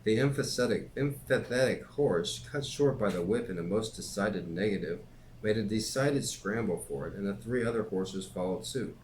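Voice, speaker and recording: A man reads a classic novel aloud at a steady, even pace. His voice sits on the low side. Faint background hiss lies under the recording. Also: moderate pace, low-quality recording. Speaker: reader and teacher.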